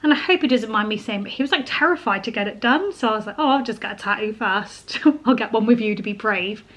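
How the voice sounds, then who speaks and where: A woman's voice: mid-range voice, fast, a bit bright. A young woman from England, a homemaker, chatting casually to camera in a personal vlog. She gets teary and laughs often as she talks. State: teary, crying at times. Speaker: vlogger, homemaker.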